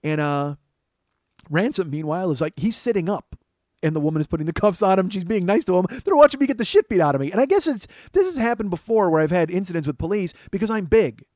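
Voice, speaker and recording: A man's voice: high voice, no echo. Profane storytelling man, dry close mic. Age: 40s. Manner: profane, animated, quick asides. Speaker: comedian podcast host. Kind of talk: comic storytelling monologue. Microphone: studio microphone he adjusts.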